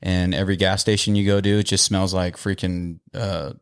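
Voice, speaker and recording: A man in his thirties with a low voice co-hosts a podcast. He tells stories in a relaxed, slangy way, chatting casually with his friends. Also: moderate pace, smooth. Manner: loose, slangy storytelling with laughs. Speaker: podcast co-host. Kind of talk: casual chat.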